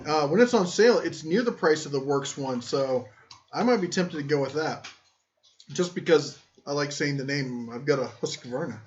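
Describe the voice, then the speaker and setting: A man's voice: on the high side, expressive, normal speed. A man hosting a casual tool-talk live stream, rambling and joking at his own expense as he reads chat. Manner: rambling, joking, self-deprecating. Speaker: tool channel host. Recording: muffled lo-fi stream audio.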